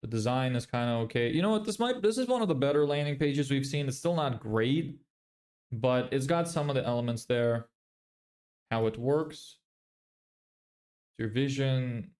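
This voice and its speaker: A business vlogger livestreams his screen, muttering blunt critiques of websites. His medium-pitched, darkish voice is animated and moves at a moderate pace, with a casual, neutral accent that often reads as American.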